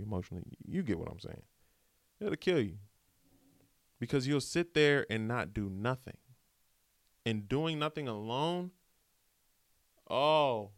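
A podcast host with a voice on the low side delivers a casual, rambling motivational monologue in slangy American speech. His pep talk is animated and wandering, and the recording is clean studio sound with no echo.

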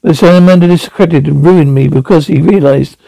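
Man reading a disgraced ex-official, urgent and halting, slightly high, dark tone. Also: gravelly, no room sound, rough recording. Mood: aggrieved. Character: bitter disgraced male former security official.

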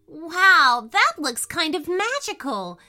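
A woman's voice: fairly high pitch, wildly swooping pitch, takes it slowly, fairly bright tone, faint music behind, full character voice. A woman voicing a timid, fearful younger boy in a children's storybook, speaking in anxious pleas. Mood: amazed. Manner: pleading, anxious.

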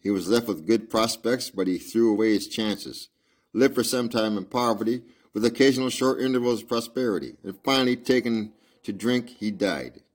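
A man reading aloud as a brilliant, precise Victorian male detective, in a measured, lecturing manner. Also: lowish voice, lightly acted. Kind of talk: audiobook reading with asides.

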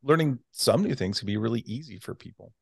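A man who teaches, hosting a casual radio chat, halting and repeating words as he talks. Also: medium pitch, lively intonation, gravelly, husky, no room sound, studio quality.

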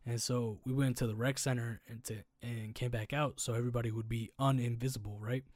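A young man in casual podcast chat, telling stories with lots of slang and animated bursts. His voice sits at a middling pitch. The sound is dry and close, with no room echo. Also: fairly quick. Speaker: podcast co-host.

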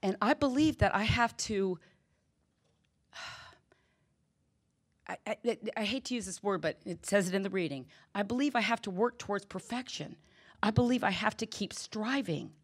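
A woman's voice: medium pitch, animated, a little slow, long pauses. A middle-aged woman giving a candid personal testimony at a recovery meeting, telling stories and acting out the quoted dialogue.

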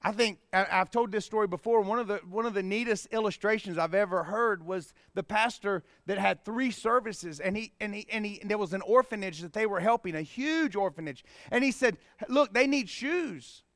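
A man preaching a sermon as pastor, swinging from hushed, tender passages to emphatic, rising appeals. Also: high voice, a little fast, hardly any pauses, no echo, studio quality. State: choked up with emotion.

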